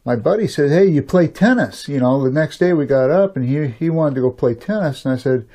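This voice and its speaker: Older male storyteller, casual and rambling, mid-pitched, warm tone, frequent chuckles. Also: brisk. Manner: rambling, chuckles often, many "you know" fillers.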